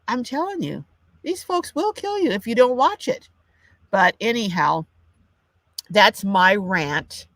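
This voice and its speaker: A woman's voice: medium pitch, sing-song, a little slow, fairly bright tone, dry recording. An older woman hosting a live chat, ranting with indignation and reading out viewer comments. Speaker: livestream host. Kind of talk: casual livestream chat.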